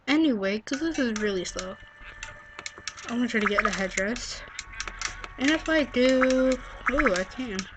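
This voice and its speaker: A woman's voice: on the high side, expressive, a little slow, pauses often, noisy background. A young girl rambling through casual, self-mocking gameplay commentary, easily sidetracked. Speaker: game vlogger. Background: loud game music.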